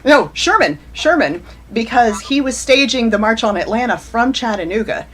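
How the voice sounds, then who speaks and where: A woman in her forties, an author appearing as a guest, tells rambling anecdotes in a casual video-call chat. Her voice is fairly high and expressive at a normal speed, and she often restarts and laughs.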